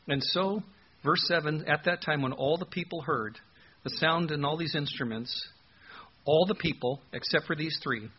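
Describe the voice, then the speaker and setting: Earnest husky male preacher, lo-fi. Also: a little high. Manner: earnest, emphatic, builds up to rhetorical questions. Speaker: pastor. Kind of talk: expository sermon.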